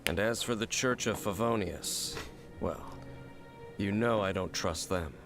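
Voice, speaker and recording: An actor playing a grave, secretive adventurer in a video game, speaking in a solemn, dramatic way. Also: male voice, fairly low pitch, unhurried. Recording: game audio with music.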